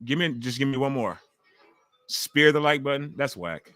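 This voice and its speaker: Host type: man in his forties, loud and chatty, bright, forceful tone, swears freely while reacting to wrestling live. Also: mid-range voice, animated, moderate pace, no room sound, studio quality. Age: 40s. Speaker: livestream host. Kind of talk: casual live wrestling watch-along commentary.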